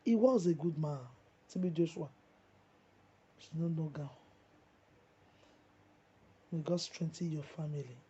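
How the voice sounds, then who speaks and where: A woman's voice: deep voice, unhurried, pauses often, mellow, breathy edge. Impassioned Nigerian woman preaching. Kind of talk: preaching monologue. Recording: muffled lo-fi recording.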